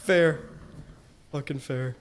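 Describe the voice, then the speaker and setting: A man giving casual reaction commentary on an animated show, rambling, swearing freely and asking many questions. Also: on the high side, slow pace, slight background noise. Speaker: reaction video host.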